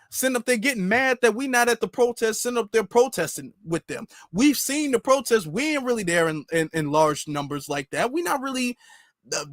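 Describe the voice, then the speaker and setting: Brief: male reaction commentator, high voice, dry close mic, exasperated and mocking. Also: a bit bright, no room sound. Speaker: commentary channel host.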